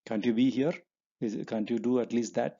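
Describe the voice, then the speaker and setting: A man's voice: mid-range voice, quick pace, creaky, warm tone, lo-fi sound. A man teaching a spoken language lesson, walking through examples step by step and repeating each one. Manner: explains step by step, switching between English and Kannada examples; many fillers and restarts, repeats each example.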